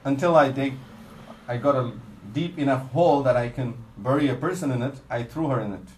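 A man's voice: medium pitch, a little fast, echoey room, low-quality recording. A man giving a sermon in English that he mixes with Arabic religious phrases, telling a story earnestly and dropping his voice for its saddest parts. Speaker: Islamic preacher.

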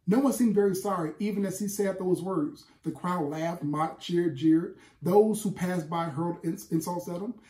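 A male preacher delivers a sermon with emphatic, rhythmic repetition. His voice is mellow and dark in tone. The sound rings in a roomy, echoing church space. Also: high voice. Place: church sanctuary.

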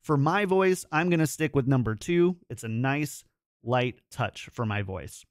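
A man's voice: mid-range voice, expressive, a little slow, no room sound. Man demoing his studio mic, dry sound. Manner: clear, instructive, demonstrates sounds into the mic. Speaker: product tutorial presenter. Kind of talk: scripted product tutorial. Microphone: studio microphone, close.

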